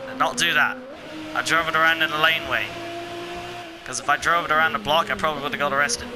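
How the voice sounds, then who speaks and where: A man's voice: on the high side, steady tone, quick pace. A man giving rambling, joking commentary while playing a racing game. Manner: rambling, chatty, joking asides. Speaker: gameplay commentator. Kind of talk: casual gameplay commentary. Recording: loud racing car engine noise behind. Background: racing game engine and car sounds.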